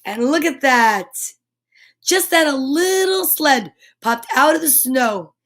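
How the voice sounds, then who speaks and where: A woman reading a children's picture book aloud, animated and chatty, breaking off for little asides to her listeners. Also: sits high, slow.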